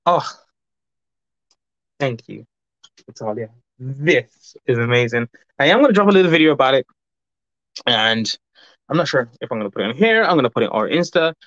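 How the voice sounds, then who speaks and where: A man's voice: medium pitch, expressive, moderate pace, pauses often, a bit bright, no echo, highs cut off. A man hosting a casual livestream, reading out chat comments with rambling asides and frequent laughs. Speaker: livestream host.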